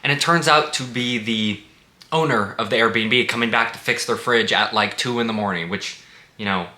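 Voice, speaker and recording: A man's voice: mid-range voice, moderate pace, sharp tone. A man giving a casual spoken movie review, blunt and sarcastic, swearing freely. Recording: echoey room.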